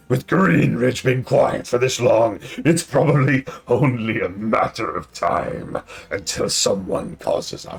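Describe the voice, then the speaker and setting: A man putting on a gravelly calm woman. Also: mid-range voice, exaggerated voice. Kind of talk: reading game dialogue aloud on stream.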